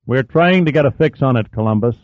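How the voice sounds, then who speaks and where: A businesslike male mission control operator reports in brisk, procedural phrases, as a man reads him aloud. The sound is thin and phone-like, with no room echo. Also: medium pitch, expressive, a little mellow, lightly acted. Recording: dry, thin phone-like audio.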